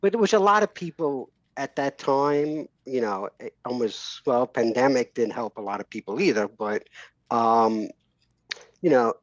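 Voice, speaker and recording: A man's voice: medium pitch, lively intonation, measured pace, no echo. A middle-aged man with a New York accent tells his story frankly, circling back and restarting his sentences as he goes. The recording is dull and lo-fi, and very dry. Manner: candid, rambling with restarts and laughs. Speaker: guest. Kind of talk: casual interview.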